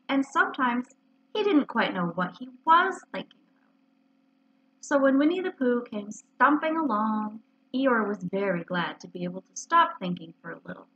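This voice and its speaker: A woman, a librarian, reading a children's story aloud in an expressive storytelling way, on a muffled lo-fi recording. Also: on the high side, normal speed, husky.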